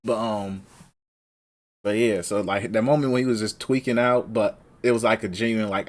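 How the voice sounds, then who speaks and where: A man co-hosting a casual podcast, chatting and joking in a relaxed way. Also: on the low side, moderate pace. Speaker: podcast co-host. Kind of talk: casual anime recap chat.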